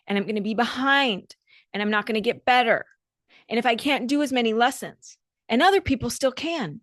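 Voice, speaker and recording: A woman's voice: fairly high pitch, fairly bright tone, no room sound, studio quality. A woman dance coach hosting a solo podcast, talking in an earnest, motivational way with emphatic repetition.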